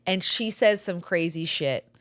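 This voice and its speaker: A woman in her thirties hosting a podcast, telling animated family stories with frequent laughter. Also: on the low side, measured pace. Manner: animated storyteller, laughs often. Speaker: podcast host. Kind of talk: casual chat.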